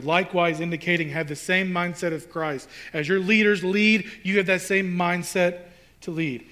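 A man's voice: fairly high pitch, steady tone, moderate pace, pushed and bright. A male pastor preaching a sermon in a conversational, emphatic way, building to rhetorical questions.

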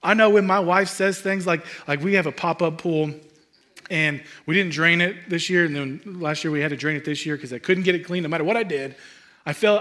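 High, forceful preacher man. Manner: humorous and animated, swinging from loud excitement to hushed asides. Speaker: pastor. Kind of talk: sermon.

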